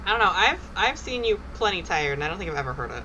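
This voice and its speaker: Bright-voiced giggly woman. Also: lowish voice, big pitch swings, lo-fi sound, a little hiss or hum. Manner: giggly, quick storytelling. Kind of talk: casual chat.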